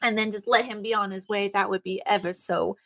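A woman's voice: medium pitch, steady tone, a little fast, vocal fry, fairly bright tone, dry recording. A woman voicing a sweet, flirtatious woman adventurer who coaxes people and calls them honey, in a tabletop game. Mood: sweet coaxing. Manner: sugary, coaxing, calls others honey.

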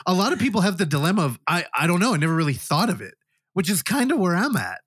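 Animated man recapping a movie. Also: high-pitched, quick pace, husky, no room sound, studio quality. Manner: animated storyteller, acts out characters' lines. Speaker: podcast co-host. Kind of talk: casual film review chat.

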